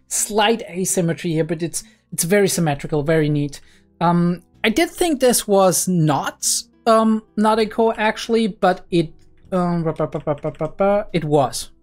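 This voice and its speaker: A young woman hosting a casual anime reaction, talking in an excitable, rambling way and swearing freely. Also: deep voice. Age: young adult.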